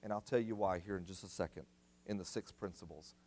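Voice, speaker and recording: A man's voice: deep voice, brisk, a little mellow. A middle-aged man preaching a sermon at a church family seminar, emphatic and repeating his commands for stress. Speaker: guest speaker at family seminar.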